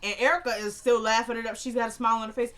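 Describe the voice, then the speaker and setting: A woman recaps a TV drama episode in a loose, chatty way. She stays animated and conversational, and slips into quick impressions of the characters as she goes. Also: fairly high pitch. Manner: chatty, animated, acts out quoted lines.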